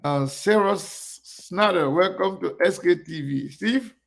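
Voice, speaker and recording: A man's voice: high-pitched, measured pace. A man hosting a casual live-stream, greeting viewers one by one by name. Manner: gravelly. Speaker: online show host.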